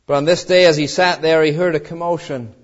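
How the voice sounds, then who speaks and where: A man's voice: a little high, steady tone, fairly quick. A man preaching a sermon, retelling a Bible story in an earnest way and swelling with fervor as he appeals to the listener. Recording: dull lo-fi recording.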